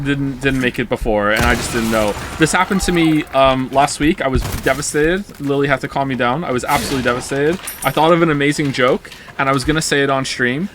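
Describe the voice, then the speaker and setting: A young man streaming a game, chatting casually and rambling, swearing freely and jumping into high, indignant outbursts. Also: fairly quick, background noise. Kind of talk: casual live-stream chat while gaming.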